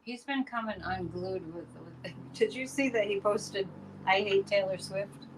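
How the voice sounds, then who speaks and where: A woman's voice: medium pitch, a little slow, a little hiss or hum, rough recording. A woman co-hosting a podcast, chatty and emphatic, laughing easily as she talks. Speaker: podcast co-host. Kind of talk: casual podcast chat.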